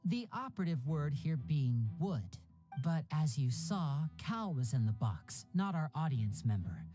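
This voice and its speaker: A woman voicing a suave stage magician in a video game, explaining in a smooth, theatrical way. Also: deep voice, sing-song, measured pace, dark tone, soft background music.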